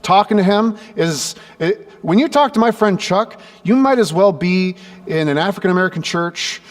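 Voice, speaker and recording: A male pastor preaching a sermon, telling stories and acting out the dialogue with lively energy. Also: sits high, normal speed. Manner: animated storyteller who acts out dialogue. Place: church sanctuary. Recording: echoey church with faint background noise.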